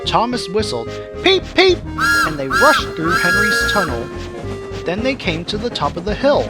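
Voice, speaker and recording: A man narrating a children's railway storybook in a lively, expressive reading. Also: high voice, normal speed, poor audio. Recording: music playing behind.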